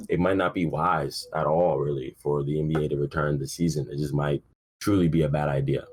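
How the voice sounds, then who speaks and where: A man's voice: rumbling low, steady tone, fairly quick, darkish tone, breathy edge. A young man hosting a casual solo sports podcast, rambling and swearing freely in a sleepy, offhand way. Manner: rambling, profane, laid-back with frequent fillers. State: sleepy, yawning. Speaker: podcast host.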